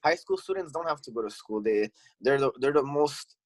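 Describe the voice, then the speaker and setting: A man's voice: mid-range voice, expressive, fairly quick, no room sound, poor audio. A man, a gym owner talking as a podcast guest, heated and swearing, restarting his sentences. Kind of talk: casual chat.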